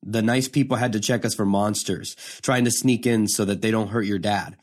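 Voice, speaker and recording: A man's voice: fairly low pitch, steady tone, normal speed, close to an everyday voice. A man playing a bitter young prisoner. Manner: profane, confrontational street talk. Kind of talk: dramatic monologue.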